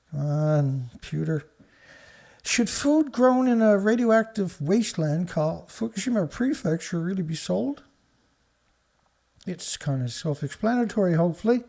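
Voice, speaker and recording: A man's voice: high voice, gravelly, mellow. A man from Canada hosting a live-stream news show, talking casually in a sarcastic, rambling way and scoffing at headlines.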